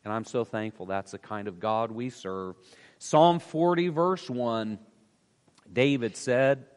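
A man preaching an earnest sermon as pastor, swelling louder and then dropping to a hush. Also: medium pitch, lively intonation, unhurried. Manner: earnest, with swells of loudness and hushed drops. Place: church sanctuary. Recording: long church reverb.

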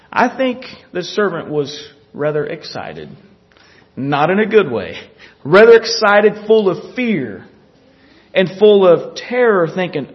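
A man preaching a sermon, animated, acting out scripture scenes with little chuckles. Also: sits high, unhurried. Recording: dull lo-fi recording.

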